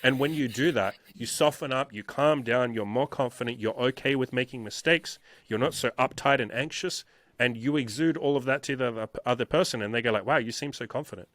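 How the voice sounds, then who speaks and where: A man who works as a dating coach talks through his ideas in a relaxed interview, circling back to the same phrases and swearing freely. His voice is bright and forceful, recorded close with a dry, roomless sound. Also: medium pitch, brisk, dry recording. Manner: emphatic and repetitive, frequent swearing. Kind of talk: casual interview talk.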